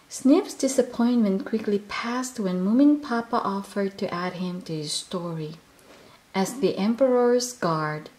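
A woman reading a children's picture book aloud in a gentle, expressive way. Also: medium pitch. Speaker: storyteller.

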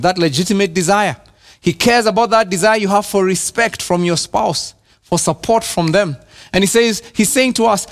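Kenyan pastor, sermon delivery, high and very animated, big swings between emphasis and hush. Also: male voice. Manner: animated preaching, repeats words and drops to a hush for emphasis. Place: church.

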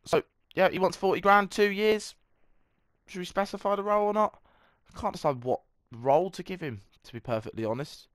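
A man's voice: high-pitched, brisk, a bit bright, dry recording. A young man chatting through a football management game, self-mocking and breaking into mock match commentary. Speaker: gaming video creator. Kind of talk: casual gameplay commentary.

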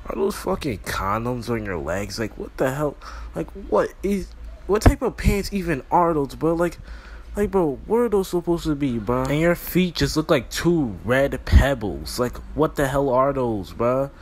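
A man's voice: medium pitch, lively intonation, a little slow. A young man doing a profane, slangy comedic roast of a cartoon show. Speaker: roast commentator.

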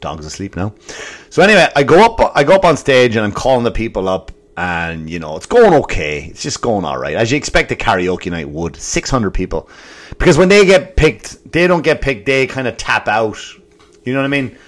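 An Irish man from Ireland hosting a comedy podcast, telling stories as a profane rant that swings from loud bursts to muttered asides. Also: medium pitch, sing-song, fairly quick. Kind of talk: comic storytelling rant.

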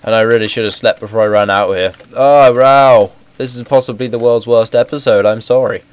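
A young man with a cold, sounding hoarse and congested, rambling through casual game commentary on a headset mic with self-mocking, excitable asides. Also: fairly low pitch, quick pace, dry recording. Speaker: gaming video host.

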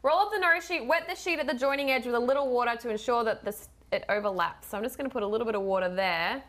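A woman's voice: a little high, quick pace, a bit bright. A woman co-hosting a casual live-streamed show, bubbly and reading product instructions aloud. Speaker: co-host.

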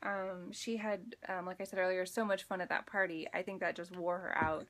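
A woman's voice: lowish voice, flat delivery, fairly quick, fairly bright tone. A young woman chatting casually in a home vlog as a mother, rambling along with plenty of ums. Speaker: mother vlogging about her baby.

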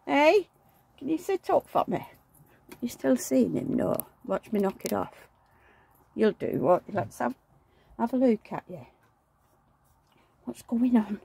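A doll collector vlogger keeps up a chatty running commentary as she works, speaking bluntly, cooing affectionately to her dolls and griping about the neighbours. Her voice is fairly high and husky with a warm tone, swinging widely in pitch. She talks slowly, with vocal fry and long pauses.

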